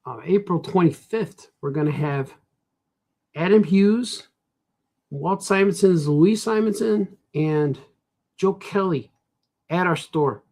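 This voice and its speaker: A man's voice: high voice, slow, long pauses, a little mellow. A man cartoonist thinking aloud in a casual drawing vlog, rambling and muttering to himself as he works. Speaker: cartoonist and comic shop host.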